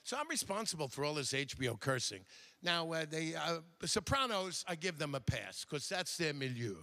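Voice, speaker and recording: An older man doing a stand-up routine on a theater stage, animated and slipping into quick impressions of other people. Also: on the high side, vocal fry. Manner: animated, mimics characters in quick asides. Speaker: stand-up comedian. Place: theater stage before a live audience.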